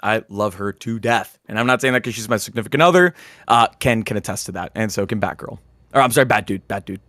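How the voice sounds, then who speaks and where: A man co-hosting a casual livestream, wired and excitable, giggling often as he reads donations. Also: on the low side, fast, no echo, clean studio sound. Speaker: stream co-host.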